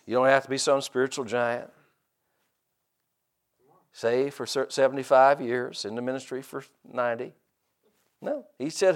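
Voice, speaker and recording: A middle-aged male pastor preaches a sermon, drawing out scripture quotes for emphasis and tossing casual asides to the congregation. His voice is mid-range, at a normal speed, and he pauses often.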